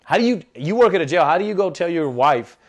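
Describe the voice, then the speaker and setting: Man, slightly high voice, laid-back church talk, slangy, animated, calls everyone bro. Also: fast talker. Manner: animated, acts out quotes. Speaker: lay speaker at a church gathering. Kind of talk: casual devotional talk.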